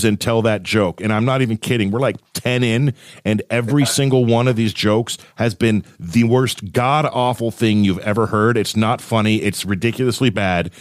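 A man's voice: mid-range voice, no echo. Joking man hosting a podcast, dry sound. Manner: joking, chatty. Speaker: podcast host. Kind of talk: casual chat.

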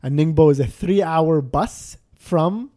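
A man with a fairly high-pitched voice tells a long travel story in easygoing conversation. He rambles, restarts his sentences and pokes fun at himself as he goes. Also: unhurried, mellow. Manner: self-deprecating and jokey. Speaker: podcast guest telling a travel story. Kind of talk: casual chat.

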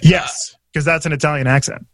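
A man's voice: fairly high pitch, fairly even intonation, brisk, no echo, studio quality. A man hosting a podcast, asking teasing questions and running the conversation in a playful, casual way. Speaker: podcast host. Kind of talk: casual chat.

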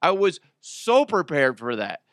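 A man in his thirties hosts a podcast and tells his stories as casual chat, swearing freely, his voice leaping up when he gets worked up. His tone is bright and forceful and sits a little high for a man. He speaks close to the microphone in a dry, dead room. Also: a little slow, dry recording. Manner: animated and profane, voice jumping up in outbursts. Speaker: podcast host. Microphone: close studio microphone.

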